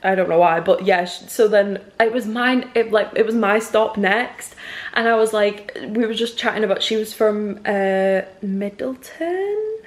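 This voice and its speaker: A woman's voice: mid-range voice, a little slow. A young woman from Manchester with a Manchester accent, chatting in a rambling casual vlog full of "like" fillers. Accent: Northern English, Manchester. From Manchester, England. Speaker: vlogger. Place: outdoors walking around town, then a salon.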